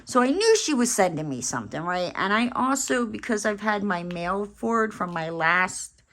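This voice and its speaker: A woman's voice: mid-range voice, big pitch swings, moderate pace, fairly bright tone, slight background noise. A woman telling a rambling story in casual chat while she crafts at home, full of fillers and restarts. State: briefly out of breath after running downstairs. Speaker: crafting vlogger.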